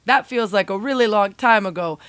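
A woman's voice: mid-range voice, a little fast, a bit bright, clean tone, no room sound, lightly acted. A woman reading aloud as Mario, a weary forty-year-old plumber, in a put-on comic Italian-style accent with extra "a" sounds. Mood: nostalgic. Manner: bouncy, exclamatory comic read. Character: middle-aged male plumber hero, weary and griping.

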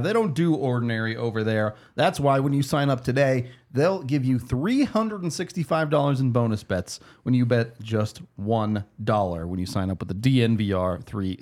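A man's voice: mid-range voice, darkish tone. A man hosting a sports podcast, reading sponsor ads between casual chat and laughing often. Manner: laughs often, brisk ad reads. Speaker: podcast host.

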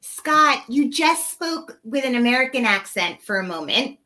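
Bright-voiced woman hosting an interview. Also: a little high, big pitch swings, a little slow. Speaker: interview host. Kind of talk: casual interview chat.

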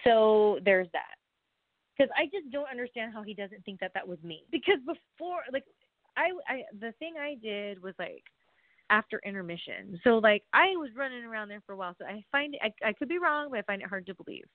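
A woman's voice: on the high side, animated, a little fast, no room sound. Chatty woman on a tinny phone-like recording. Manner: chatty, rambling, lots of fillers and asides, drops to hushed whispers then bursts out. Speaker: wrestler. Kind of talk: casual storytelling vlog. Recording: tinny phone-like, dry sound.

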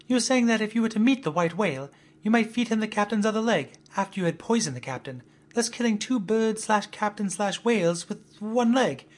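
A man's voice: sits high, expressive, a little fast. A man who hosts a podcast, voicing an earnest, bewildered young sailor. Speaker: podcast host.

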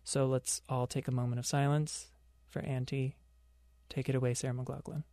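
A man's voice: medium pitch, little pitch movement, normal speed, heavy background noise. A young man hosting a pop culture podcast on his own, delivering sarcastic commentary full of joking asides. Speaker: podcast host.

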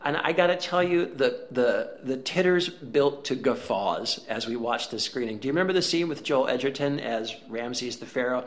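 A man co-hosting a casual film review chat, chatty and amused, often pausing on fillers. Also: mid-range voice, animated. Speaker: film critic co-host.

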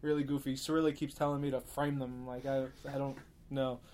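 A man's voice: mid-range voice, little pitch movement, a little fast, darkish tone, slight background noise. A man hosting a casual podcast, telling an upbeat story in a joking way. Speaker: podcast host. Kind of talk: casual chat.

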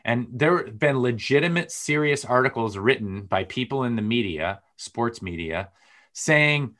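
A man hosting a casual sports podcast, rambling with fillers and getting excited as he goes. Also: medium pitch, unhurried. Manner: rambling, lots of fillers, gets loud and excited. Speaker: podcast host.

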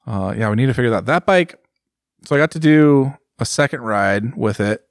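A man's voice: mid-range voice, lively intonation, normal speed, no room sound, clean studio sound. A man co-hosting a casual motorcycle chat, rambling with many fillers and restarts. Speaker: podcast co-host.

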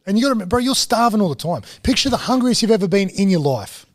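A man, a guest casually telling stories, animated and full of slang. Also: high-pitched, racing, dry recording, clean studio sound. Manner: animated, slangy, swings into excited quoting. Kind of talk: casual storytelling.

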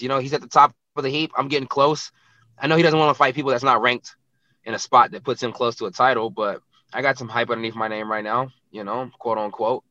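A man's voice: medium pitch, pushed and bright, no room sound, muffled recording. A man who is a professional fighter, talking bluntly and brashly in a casual interview, filling his speech with "you know, it's like".

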